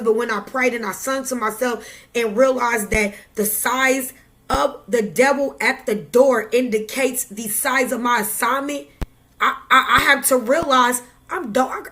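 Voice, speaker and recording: A woman speaks to camera in a casual vlog, giving the viewer a raw, preachy pep talk. Her voice sits high and sounds bright and clear. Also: unhurried. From Midwest United States. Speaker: tarot reader vlogger.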